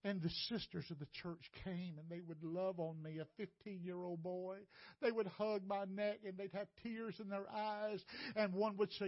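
Older male preacher, high voice, emotional testimony with cries and hush, dry muffled feed. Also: moderate pace, no room sound. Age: 60s. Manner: impassioned, rising to near-shouts and breaking toward tears. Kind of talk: testimony sermon.

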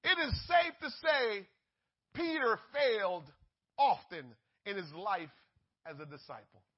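A man preaching a sermon, swinging from shouted peaks to hushed asides and acting out the voices in the story. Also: high voice, unhurried, slightly rough, dull audio.

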